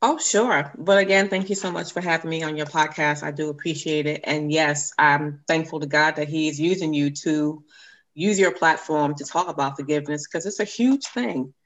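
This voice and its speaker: A woman who works as a forgiveness coach, speaking as a podcast guest. Her voice is very low for a woman, and she talks in an earnest, encouraging way, slowing down to spell things out.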